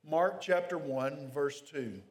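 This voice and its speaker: A man delivers an expository sermon, reading scripture passages aloud and then unpacking them for his listeners. His voice sits a little on the high side for a man. The sound carries a long reverb, as in a large church sanctuary. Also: takes it slowly. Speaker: pastor.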